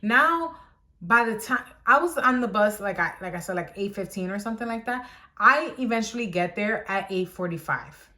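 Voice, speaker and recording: A woman's voice: medium pitch, moderate pace. A young woman vlogger animatedly telling a personal story time and acting out what people said. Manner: animated storytelling, acts out quotes.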